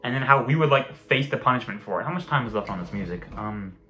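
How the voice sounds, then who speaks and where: A man's voice: medium pitch, lively intonation, fast, sharp tone. A young man telling a casual story, rambling and swearing often. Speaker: vlogger. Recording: roomy echo, faint music behind.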